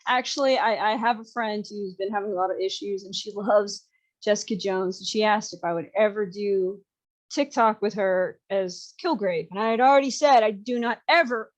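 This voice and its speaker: A woman's voice: mid-range voice, normal speed. A woman with a Southern American accent, hosting a podcast in casual, opinionated chat and laughing often. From Southern United States. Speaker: podcast host.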